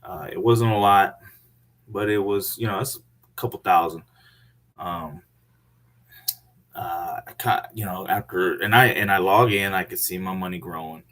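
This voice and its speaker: A man with a very deep, low voice talks through his story in a loose, casual way. He stops and restarts often and leans on plenty of fillers as he goes. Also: a bit bright. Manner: halting, many fillers and restarts. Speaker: scam victim telling his story.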